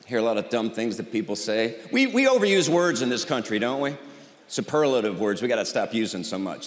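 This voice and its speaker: Animated man doing stand-up in a hall. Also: mid-range voice. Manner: incredulous, drawn-out sarcastic delivery. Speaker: stand-up comedian. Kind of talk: stand-up comedy. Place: large hall with live audience. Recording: echoey hall with audience noise.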